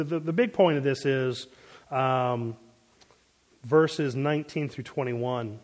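This is a relaxed Bible class taught by a man whose voice sits fairly high, recorded in a large hall. He fields questions from the audience and keeps things conversational, scattering fillers and pop-culture asides throughout.

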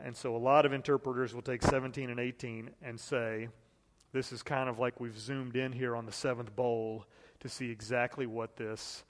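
A man's voice: mid-range voice, in a large hall. A man teaching a Bible study in a conversational way, reading scripture aloud and asking the group questions.

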